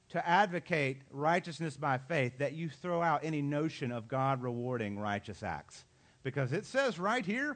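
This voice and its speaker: A man, a pastor, preaching a sermon with emphatic delivery and dramatic pauses. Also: fairly high pitch, fairly bright tone.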